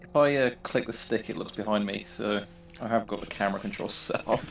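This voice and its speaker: A man's voice: fairly low pitch, fairly quick, gravelly, slight background noise. A man sim racing with friends, chatting casually with dry, understated humour. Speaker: co-driver on stream. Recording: faint background clicks.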